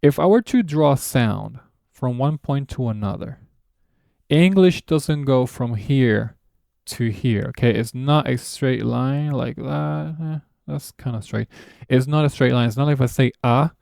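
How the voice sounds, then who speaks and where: A man whose first language is Spanish, teaching a casual video lesson and dropping joking, sarcastic asides. His voice is gravelly and mellow. The recording is dry and close. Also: medium pitch, a little slow, no room sound. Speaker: language teacher and channel host.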